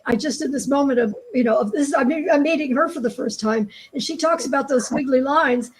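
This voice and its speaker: Woman, somewhat high pitch, enthusiastic rambling panel speaker. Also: fairly quick, a little hiss or hum, rough recording. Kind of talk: panel talk.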